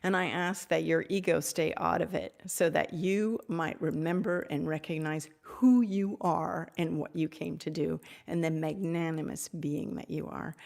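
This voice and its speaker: Gravelly-voiced woman leading a meditation. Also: sits low, steady tone. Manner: soft, slow, repetitive, devotional. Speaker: spiritual teacher hosting a live Q&A. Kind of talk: guided meditation and blessing.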